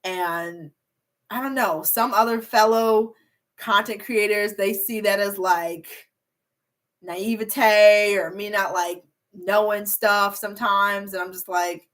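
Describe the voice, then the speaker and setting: A woman's voice: medium pitch, fairly even intonation, measured pace, a bit bright. A young woman YouTuber chatting casually on a livestream, reading viewer comments in a bubbly, rambling way with plenty of filler words. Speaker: beauty and hair YouTuber.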